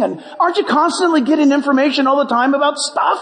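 A pastor preaching a sermon, playful and animated, acting out prayers and little dialogues. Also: male voice, extremely high pitch, fast talker, few pauses. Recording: long hall reverb.

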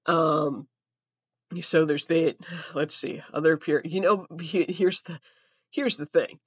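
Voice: medium pitch, fairly even intonation, slow pace, slightly rough, dry recording. A young adult trans comedy podcaster telling stories in a profane, rambling, self-mocking way. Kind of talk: comedic storytelling. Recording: dull, dry lo-fi audio.

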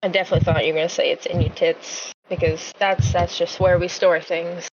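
A woman's voice: fairly low pitch, little pitch movement, brisk, breathy edge, dull audio. A woman chatting bluntly in casual podcast banter, with plenty of swearing.

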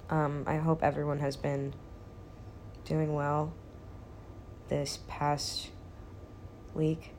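A woman in her twenties chatting casually as a vlogger, stoned and laid-back, with vocal fry in a rambling, quiet delivery. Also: low-pitched, slight background noise. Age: 20s. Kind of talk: casual chat.

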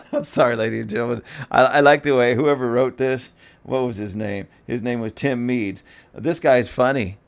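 A man hosts a political commentary show, talking straight to his listeners in a casual, mocking tone. He keeps breaking into laughter mid-sentence and picks himself back up. His pitch sits in the ordinary middle range for a man. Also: moderate pace, vocal fry.

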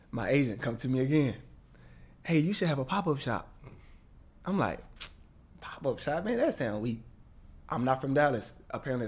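As a guest in an interview, a man with a mid-range voice tells a lively story, acting out the voices of the people he quotes.

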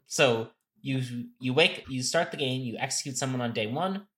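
Bright-voiced man explaining game strategy. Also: medium pitch, moderate pace. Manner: explanatory, thinks aloud with fillers and restarts. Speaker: podcast co-host. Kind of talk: casual game strategy chat.

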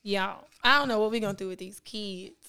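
A woman's voice: medium pitch, a little fast, clean tone. A woman co-hosting a casual chat, telling family stories with lots of laughter and quoted voices. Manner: lively storyteller, laughs often, acts out family quotes. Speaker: podcast co-host.

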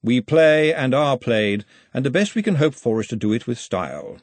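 A man voicing a smooth, calculating male ruler who speaks slowly and precisely. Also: mid-range voice, expressive, dry recording, lightly acted. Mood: silky. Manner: slow, silky, precise.

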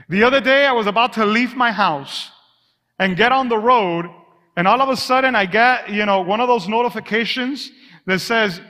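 A pastor with a high, bright voice preaches a little fast, calling out questions for his congregation to answer in call-and-response style. He tells energetic everyday stories with playful acted asides and drops to a soft hush on quiet words like "whisper," while a long hall reverb trails behind him.

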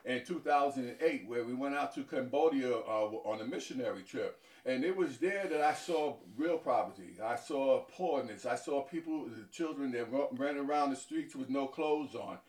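A man from Harlem, New York, a deacon giving halting interview answers that often stumble and repeat words. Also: mid-range voice, darkish tone. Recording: echoey, from far off.

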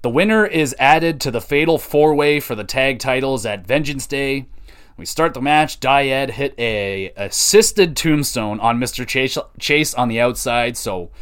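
A man's voice: mid-range voice, normal speed, fairly bright tone, clear, resonant tone. A man hosting a solo podcast, casually reviewing a wrestling show in a loose, rambling way with frequent fillers and casual swearing.

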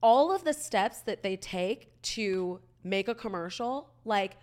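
A woman's voice: medium pitch, animated, a little mellow. A woman co-hosting a casual podcast, gossiping about celebrities in a chatty, opinionated way. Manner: chatty, gossipy, fast back-and-forth. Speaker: podcast co-host. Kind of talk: casual chat.

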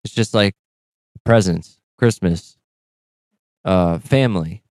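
A man's voice: deep voice, takes it slowly, darkish tone, no room sound. A man co-hosting a podcast in a laid-back, profane, casual chat. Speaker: podcast co-host.

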